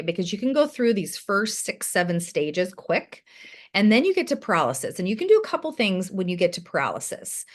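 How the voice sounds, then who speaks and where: A woman director giving an encouraging, conversational training talk over a video call to her team. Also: mid-range voice. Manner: encouraging, conversational, often asks "right?".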